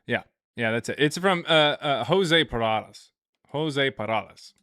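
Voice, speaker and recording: A man hosting a casual livestream, joking and rambling as he reads viewer messages aloud. His voice is bright and forward, close on a dry microphone with no room sound. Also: medium pitch, animated, a little slow, dry recording. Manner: joking, rambling storytelling with laughs; reads out viewer super chats. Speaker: livestream host.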